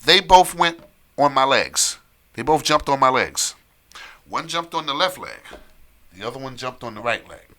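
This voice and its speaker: A man telling a long story in casual chat on a live stream, animated, repeating phrases and laughing often. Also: medium pitch, moderate pace, long pauses.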